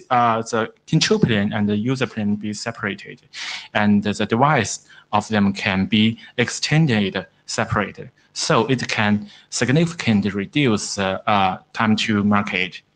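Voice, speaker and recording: A man, not an English speaker, giving a technical presentation at a standards meeting, with many pauses and restarts. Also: on the low side, a bit bright, rough recording. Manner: halting, frequent "uh", broken grammar. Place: conference room.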